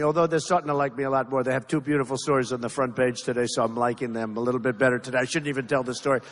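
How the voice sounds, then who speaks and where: Brief: male political candidate at a rally, raised pitch, repeats himself emphatically, long hall reverb. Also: fairly bright tone. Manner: rambling, repetitive, emphatic. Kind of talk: campaign rally speech. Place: large rally venue.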